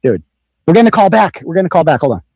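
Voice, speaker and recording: A man hosting a recorded phone call, staying calm and wry while he keeps pressing the same questions. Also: on the high side, fast, husky, no room sound. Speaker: blogger and show host.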